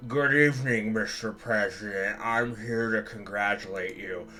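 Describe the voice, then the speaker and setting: A man's voice: on the low side, a little slow, natural voice. A man doing a smug, drawling tycoon. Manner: drawling, self-satisfied, patronizing. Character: smug portly older male business tycoon.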